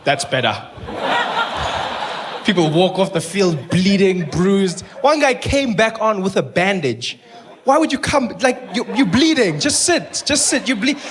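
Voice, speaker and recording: A man from South Africa with a South African accent, doing animated, mock-indignant stand-up comedy. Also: high voice, a little slow, a crowd in the background. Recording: noisy live stage recording.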